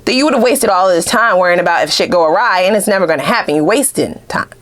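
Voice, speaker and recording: A woman giving a casual tarot reading to her viewers, animated and blunt, swearing freely and laughing often. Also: fairly low pitch, quick pace. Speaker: tarot reader.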